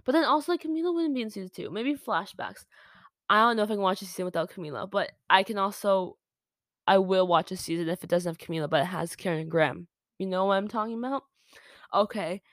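A woman's voice: mid-range voice, quick pace, dry recording. A young woman hosting a solo podcast, gushing emotionally with many fillers as she talks. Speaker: podcast host. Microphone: home microphone.

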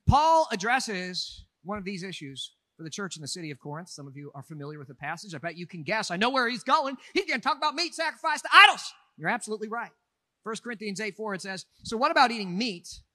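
A man delivering a Sunday sermon in a chatty, animated manner, mixing jokes into his points. His voice sits high and sounds bright and forceful. The recording is dry, with little room sound. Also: no echo. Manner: animated, conversational preaching with asides and humor. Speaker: pastor.

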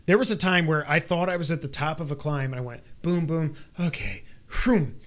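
A man's voice: fairly high pitch, fast. A man co-hosting a casual gaming chat, telling stories animatedly and quoting his own reactions. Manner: animated storyteller, quotes himself in exclaimed asides.

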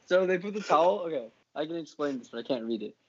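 A man's voice: fairly high pitch, lively intonation, quick pace, dull audio, crowd noise. A young man co-hosting a casual podcast, laid-back and dry in his remarks. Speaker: podcast co-host.

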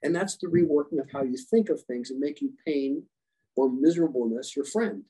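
The podcast guest, a leadership coach and former special operations rescuer, speaks briskly in a husky, mellow, mid-range voice. He tells his interview stories with animation, performing the quoted dialogue, over poor-quality audio.

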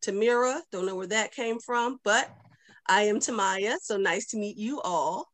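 A relaxed woman hosts a casual club meeting over a video call. She is chatty and quick to laugh. Her voice sounds dry and close, with no room around it. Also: medium pitch, dry recording. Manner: laughing easily, laid-back and chatty. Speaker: host of a virtual discussion club.

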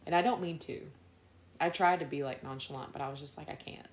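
A young woman co-hosting a casual chat about motherhood, earnest but quick to laugh, with dry, self-deprecating humor. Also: sits low. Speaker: podcast co-host.

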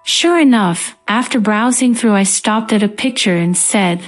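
Woman, first-person storyteller, scripted narration, calm even reading, mid pitch, faint music underneath. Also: unhurried.

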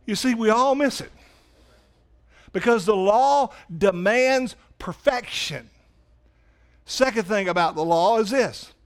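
A man preaching a sermon in a church, animated, swinging from loud emphasis to quiet asides. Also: slow pace, long pauses. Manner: animated preaching, rises loud for emphasis then drops low. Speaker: pastor. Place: church sanctuary.

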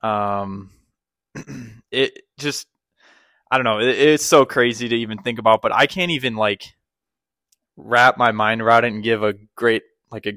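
An excited man co-hosting a casual sports podcast, rambling with plenty of fillers. His voice sits at an ordinary pitch. The sound is dry and close, with no room echo. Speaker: podcast co-host.

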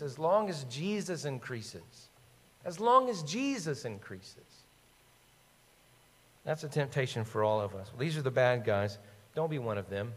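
A man with a fairly high voice preaches a sermon with emphatic, questioning delivery. His words ring out with a long reverb, as in a large hall. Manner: emphatic, rhetorical questions, quotes scripture. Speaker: pastor.

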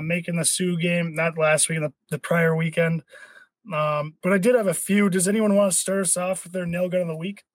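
A man's voice: high-pitched, no room sound. A young man hosting a casual podcast chat, ranting with lots of swearing. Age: young adult. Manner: profane, ranting. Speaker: podcast host.

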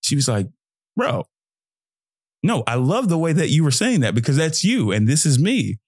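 A young man from Texas hosting his own podcast, talking loosely and in slang, jumping into high mocking voices when he quotes his own thoughts. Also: very animated, moderate pace, breathy edge, no echo, studio quality. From Fort Worth, Texas. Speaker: podcast host. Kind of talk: solo motivational podcast monologue.

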